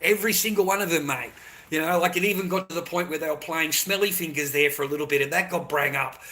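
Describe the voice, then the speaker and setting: A man's voice: on the high side, fast, bright, forceful tone. A man on a rambling, profane monologue, often tagging on "right?" and "mate". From Australia. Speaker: vlogger.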